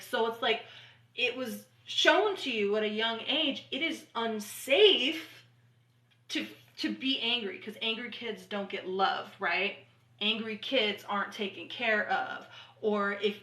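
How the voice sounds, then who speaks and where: Bright-voiced woman talking spiritual healing. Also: fairly high pitch. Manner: earnest, rambling, swears casually, repeats affirmations. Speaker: spiritual channeler and vlogger. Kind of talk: casual spiritual talk to camera. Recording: echoey room.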